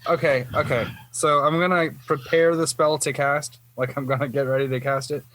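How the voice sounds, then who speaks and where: A man's voice: a little high, little pitch movement, normal speed, fairly bright tone. A man playing a tabletop game, goofy and hesitant with many fillers. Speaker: player. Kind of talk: tabletop role-play chat. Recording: noisy online call with clicks.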